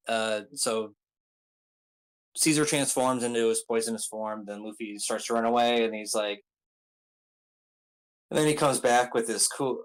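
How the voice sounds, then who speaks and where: A man's voice: medium pitch, low-quality recording. A man casually recapping a story, rambling with many ums and uhs and throwing in joking asides. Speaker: video creator recapping an anime arc.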